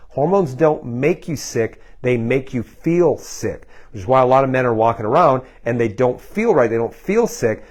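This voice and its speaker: A male health practitioner explaining things to camera in a loose, conversational way. He uses plenty of fillers and keeps calling his viewers "guys.". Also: mid-range voice.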